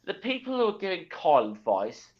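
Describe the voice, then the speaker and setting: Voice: mid-range voice, huge pitch swings, brisk. A guest making an emphatic point in a casual online chat, swearing and repeating himself. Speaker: guest on the stream. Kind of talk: casual argument. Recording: dull lo-fi audio.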